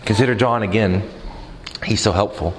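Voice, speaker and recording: A man's voice: lowish voice, moderate pace, in a large hall, a little hiss or hum, poor audio. A man preaching a sermon in a conversational way, asking the crowd questions and mixing in humor.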